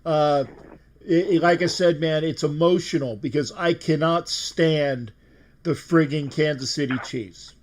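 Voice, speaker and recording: Male host, call-in livestream, emotional, exuberant, repeats phrases, slightly high voice, unhurried. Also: a little hiss or hum. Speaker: show host. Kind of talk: excited fan livestream.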